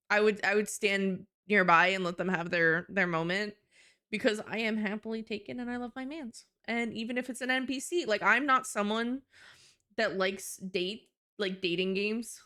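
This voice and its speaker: Young adult woman streamer, mid-pitched and smooth, rambling casual chat with fillers and swearing. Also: moderate pace, sharp tone.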